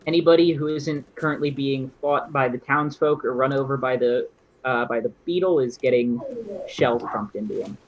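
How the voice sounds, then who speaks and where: A man's voice: mid-range voice, moderate pace, lo-fi sound. A man taking part as a player in a tabletop game, talking casually with small hesitations.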